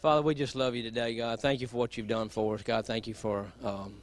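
A man's voice: medium pitch, flat delivery, a little fast, a little hiss or hum. A man from the congregation leading a simple, earnest spoken prayer in church. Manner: simple, earnest, repetitive addresses to God. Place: church sanctuary.

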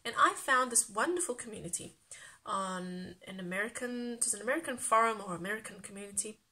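A woman's voice: mid-range voice, quick pace, bright, forceful tone. A woman from South Africa with a light South African accent, chatting casually and rambling in a craft vlog, laughing often. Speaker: craft YouTuber.

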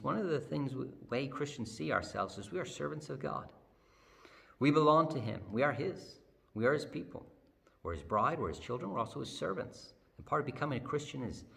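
A man preaching a sermon in a chapel, telling the story with animated, conversational energy. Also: mid-range voice, a little fast, creaky. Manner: lively storytelling, acts out the Bible characters. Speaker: pastor. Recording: long hall reverb.

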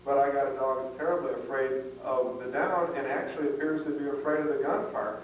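A man's voice: medium pitch, steady tone, fairly quick, slight background noise. A man leading a dog training seminar, talking in a plain, folksy way with frequent restarts. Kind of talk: live seminar talk. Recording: echoey hall, far from mic, 1990s tape.

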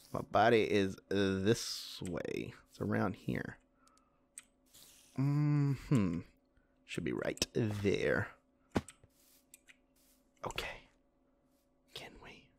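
A man's voice: medium pitch, a little mellow. A man giving casual, chatty commentary while playing a video game, often yelping when startled. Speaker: let's play gamer.

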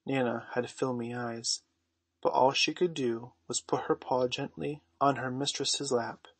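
A man narrating a storybook audiobook in a gentle, measured way. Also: medium pitch, dry recording. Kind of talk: storybook reading.

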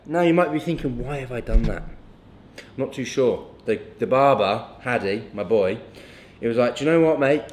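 A man's voice: mid-range voice, normal speed, darkish tone. A young man, a fitness coach, chatting casually in a vlog, joking and swearing freely. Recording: echoey room.

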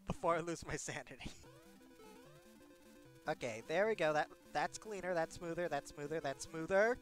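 A man's voice: on the high side, moderate pace, pauses often, faint music behind. A man streaming himself playing his own levels, yelping, screaming and laughing at each mishap. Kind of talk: let's-play reactions.

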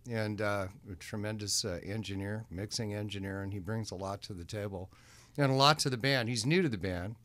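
A man guesting on a talk show as the band's lyricist, speaking calmly with small pauses. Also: fairly low pitch. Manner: calm, measured, with fillers. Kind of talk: casual interview.

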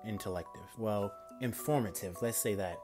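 A man voicing a confident young male ninja hero in a fan-made story, speaking low, slow and cocky. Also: a little mellow, faint music behind, natural voice.

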